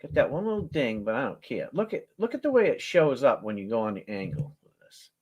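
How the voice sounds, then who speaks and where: A man's voice: medium pitch, husky, dull audio. A man hosting a casual live coin auction, joking and laughing as he praises a coin and calls out bids. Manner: folksy, joking, laughs often; slow, drawn-out calls with animated countdowns.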